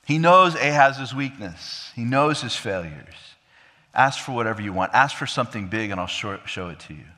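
A man preaching an expository sermon, swinging from emphatic high peaks to low, quiet drops and acting out quoted dialogue. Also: lively intonation, moderate pace, big-room sound. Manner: acts out quoted dialogue of God and king. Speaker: pastor.

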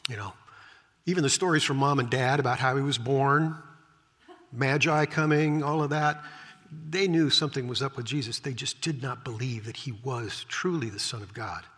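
A man's voice: mid-range voice, moderate pace, a bit bright. A male preacher giving a conversational Bible-teaching sermon, chatty, with wry asides. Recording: long hall reverb.

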